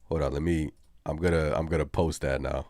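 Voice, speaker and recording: A man hosting a live postgame sports reaction show, animated and ranting as he talks to his viewers. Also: very deep voice, a little fast, no room sound, studio quality. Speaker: sports podcast host.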